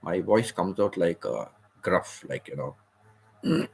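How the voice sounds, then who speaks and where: A man hosting a casual livestream, explaining words patiently and repeating phrases, with the occasional throat clear. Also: sits low, big pitch swings, takes it slowly, darkish tone. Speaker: livestream host. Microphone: computer or phone mic, seated.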